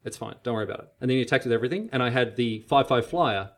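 A man on a casual podcast, telling a story in an animated way and acting out the quotes. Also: racing. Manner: animated storyteller, acts out quotes with big pitch jumps.

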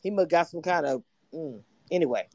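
A woman hosting a livestream, chatting animatedly and excitably about a reality show, sometimes breaking into shouts and laughter. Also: deep voice, brisk, no room sound, highs cut off. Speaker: livestream host. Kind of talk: casual reality-TV recap chat.

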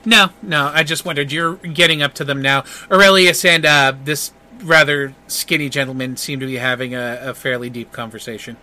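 A man runs a tabletop game as its game master, narrating in an animated way. His voice is high and very bright, with a forceful edge. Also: moderate pace, hardly any pauses.

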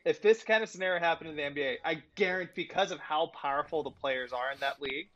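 A man co-hosting a casual sports chat, talking in an animated way and swearing freely. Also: on the high side, quick pace, lo-fi sound, a little hiss or hum. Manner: animated, swears freely, laughs between points. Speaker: podcast co-host.

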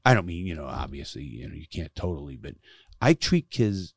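A man's voice: rumbling low, big pitch swings, a little fast, gravelly, slightly rough, dry recording. A middle-aged man telling stories from his life in casual conversation, blunt and emphatic, cursing often to stress his points. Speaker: guest, former prisoner who speaks to youth.

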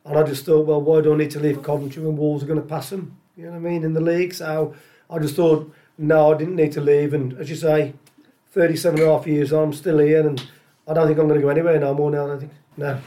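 Middle-aged man, rambling casual chat, a touch high-pitched. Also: level tone, fast, warm tone. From Tipton, England. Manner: chatty, rambling, repeats phrases. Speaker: guest, former footballer.

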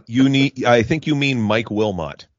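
A man in his fifties co-hosting a casual podcast, laid-back with quick replies. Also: mid-range voice, no echo, lo-fi sound. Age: 50s. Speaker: podcast co-host. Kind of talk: casual chat.

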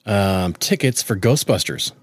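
A man in his thirties, co-hosting a podcast in casual chat, telling animated stories and acting out quotes. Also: on the low side, unhurried, slightly rough, no echo. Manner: animated storyteller, acts out quotes. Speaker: podcast co-host.

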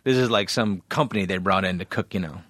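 A man's voice: sits low, fast talker, fairly bright tone, dry recording. A man co-hosting a podcast, telling a long casual story full of fillers and restarts. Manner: rambling, lots of fillers and restarts. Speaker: podcast co-host.

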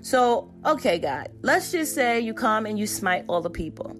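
A woman preacher voicing Moses as a calm man coaxing an angry God, hesitant and conversational. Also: a little high, moderate pace, faint music behind.

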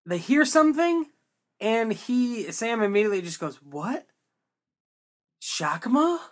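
Casual podcast co-host, mid-pitched, rambling and animated in movie recaps. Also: normal speed. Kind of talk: casual movie review chat.

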